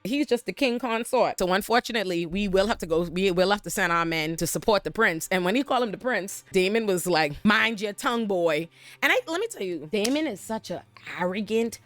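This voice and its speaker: A woman hosting a casual TV recap, talking in an animated, profane and emphatic way. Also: medium pitch, fairly quick, few pauses. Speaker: host.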